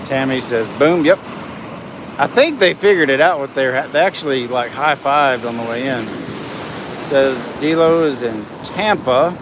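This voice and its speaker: A middle-aged man speaks unhurriedly at medium pitch during a casual live stream he films on his phone at a beach inlet. He reads out comments from viewers and describes the scene, with outdoor noise audible in the background.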